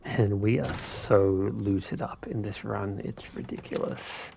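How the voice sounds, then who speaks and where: Man, low pitch, heavy vocal fry, casual live game commentary, thinks out loud, slight background noise. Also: slow. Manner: relaxed, thinking aloud with fillers. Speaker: streamer.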